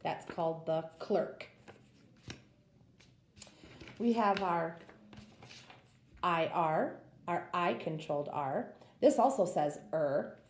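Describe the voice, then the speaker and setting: A woman's voice: lowish voice, darkish tone, reverberant, slight background noise. A woman teaching a phonics lesson, patiently sounding out words for young learners.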